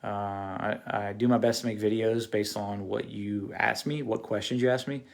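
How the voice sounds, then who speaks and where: Earnest rambling man, slightly low voice. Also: steady tone, moderate pace, gravelly. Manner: rambling and earnest, many fillers and restarts. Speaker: host of a phone-flipping channel. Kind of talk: casual livestream talk to viewers.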